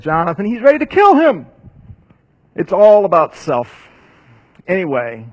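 A man's voice: mid-range voice, breathy edge. A man preaching and teaching through a Bible passage in a casual, conversational way, with rhetorical questions and asides. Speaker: pastor.

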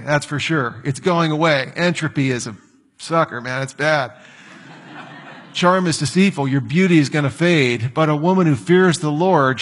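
A man's voice: on the high side, a bit bright. A man preaching a sermon, reading scripture and breaking into joking asides. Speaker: pastor.

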